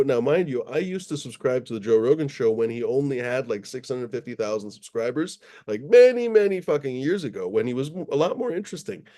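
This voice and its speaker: A man hosting a livestream in a loose, rambling way, with frequent swearing and plenty of uhs. His voice is mellow and dark, at a medium pitch for a man. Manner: rambling, profane, with many fillers. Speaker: livestream host. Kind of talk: casual livestream chat.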